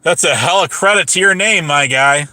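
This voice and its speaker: A man's voice: a little high, moderate pace, sharp tone, no room sound. A man ranting on a casual livestream, rambling and profane, with lots of restarts.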